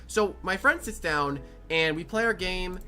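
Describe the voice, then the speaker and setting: A young adult telling a rambling, animated story in casual storytime fashion. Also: medium pitch, measured pace, soft background music. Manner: rambling, animated, restarts often. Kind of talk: casual storytime over gameplay.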